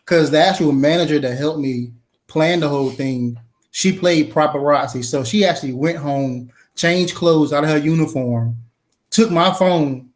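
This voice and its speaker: Chuckling man explaining a story. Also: on the high side. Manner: chuckles often, quick explanations. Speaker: guest, the groom-to-be. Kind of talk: casual chat.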